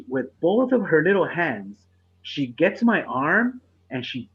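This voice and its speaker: A man, a comedian, casually telling a profane story on a podcast, getting animated and laughing through the punchline. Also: mid-range voice, slightly rough, dull audio.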